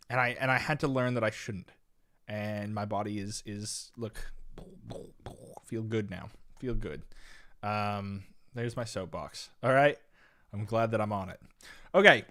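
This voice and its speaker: A man's voice: medium pitch, a little slow. Rambling young man streaming chess. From Canada. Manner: rambling, swings from mumbling to loud exasperated outbursts. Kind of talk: casual live-stream chat.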